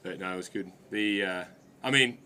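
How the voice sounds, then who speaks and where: A man's voice: sits low, moderate pace, sharp tone, a little hiss or hum. A man chatting as a guest commentator at a cricket match, rambling and laughing at himself. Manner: chatty, self-deprecating, laughs a lot. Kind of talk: casual chat in a commentary box.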